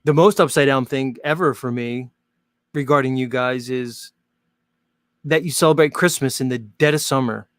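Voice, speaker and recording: Talking loosely to his viewers, a male show host from the Northern Hemisphere rambles and jokes, leaning heavily on "like" as filler. He speaks at normal speed in a medium, slightly bright voice. The sound is dry and clean, studio quality.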